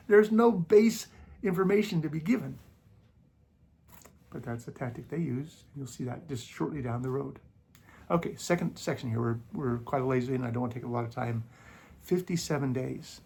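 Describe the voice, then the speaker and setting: A man talks straight to camera for his channel, his voice gravelly with a husky, rough edge. He argues against critics in a sarcastic, mocking tone and breaks off to cough now and then. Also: a little high, normal speed, darkish tone. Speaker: YouTube channel host. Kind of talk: casual commentary.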